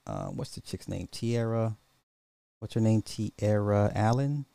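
A man's voice: lowish voice, huge pitch swings, unhurried, gravelly, dark tone, smooth, dry recording. A man hosting a call-in commentary podcast, talking casually in slang and rambling at times. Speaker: podcast host.

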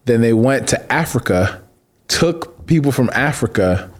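A man co-hosting a podcast in casual chat, explaining points plainly and chiming in with quick agreement. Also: medium pitch, lively intonation. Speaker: podcast co-host.

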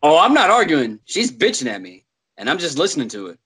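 A man's voice: on the high side, brisk, husky, poor audio. A young man telling a story in casual podcast chat, swearing often and getting worked up. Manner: animated storyteller, swears a lot. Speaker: podcast co-host.

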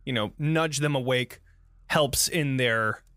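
A man narrating as the game master of a tabletop game, relaxed, with halting fillers. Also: mid-range voice, dry recording, clean studio sound.

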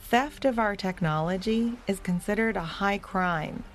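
A woman voicing a stern, formal ruler in a children's audio story, speaking gravely. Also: medium pitch, a little slow, faint music behind, lightly acted.

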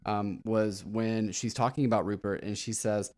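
A man's voice: on the low side, flat delivery, normal speed, darkish tone. A man co-hosting a casual podcast, enthusiastic and rambling, often reading quotes aloud. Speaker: podcast co-host.

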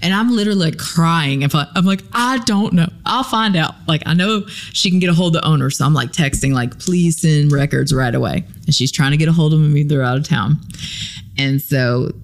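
Woman, podcast guest, casual storytelling, gravelly fry, acts out quotes, lots of ums. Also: sits low, a little fast. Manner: animated retelling, acts out quoted lines; frequent ums and likes.

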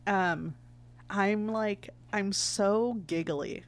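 A young woman chats casually with a friend, her voice sitting in an ordinary middle pitch. She bursts into giggles often and acts out the people in her story with animated energy. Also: drawn-out words. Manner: giggly, animated retelling with acted quotes. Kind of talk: casual chat.

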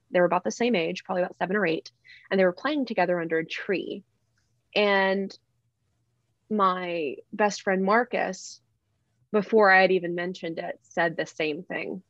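A woman's voice: fairly low pitch, no room sound. A woman, a podcast guest, telling a personal story in an earnest, rambling way, often restarting and correcting herself. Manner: earnest and heartfelt. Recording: dull, slightly lo-fi dry sound.

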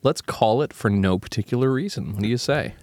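A man's voice: mid-range voice, expressive, a little fast, darkish tone, dry recording. A man co-hosting a podcast, dropping short wry reactions in casual chat. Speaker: podcast co-host.

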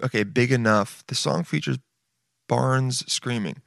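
A man's voice: mid-range voice, unhurried, vocal fry, a bit bright, no room sound, studio quality. A man in his late twenties giving casual reaction commentary, swearing often and saying "dude" all the time. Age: late 20s. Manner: laid-back, swears often, says "dude" constantly. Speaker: video reactor. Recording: music playing behind the voice.

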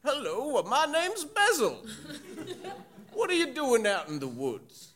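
A man's voice: very high voice, wildly swooping pitch, slow pace, a bit bright, voice pushed up, exaggerated voice. A man voicing a chatty, slightly creepy old male groundskeeper in a tabletop game. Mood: friendly.

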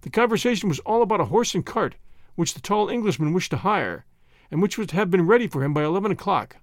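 A man's voice: sits high, expressive, fast, no echo, clean studio sound. A man voicing a deferential male secretary who stammers and reports eagerly to his superior. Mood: reporting.

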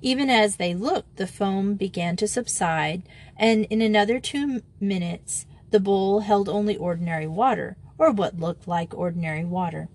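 A woman narrating a children's novel with steady, clear storytelling. Her reading is even and measured, pitched for a book read aloud. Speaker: audiobook narrator.

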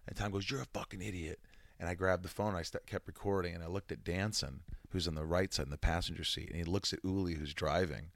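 A man in his forties, a comedian and musician, chatting casually as a guest and telling rambling, animated stories with some profanity. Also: sits low, fast talker, hardly any pauses, dry recording. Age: 40s. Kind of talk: casual interview chat.

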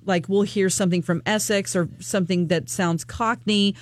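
A woman co-hosting a radio talk show, chatting and telling stories in an animated way. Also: mid-range voice, moderate pace. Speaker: radio co-host. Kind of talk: casual chat.

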